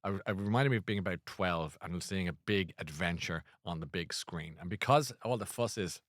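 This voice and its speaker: A man's voice: deep voice, moderate pace, a bit bright, no echo, studio quality. A man hosting a casual chat show, rambling and self-deprecating with lots of restarts. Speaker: host.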